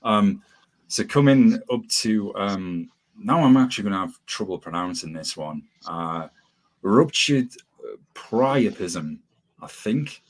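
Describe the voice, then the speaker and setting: A man's voice: fairly low pitch, unhurried. A man hosting a podcast interview, rambling with lots of ums and restarts over a video call. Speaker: podcast host. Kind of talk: casual interview chat.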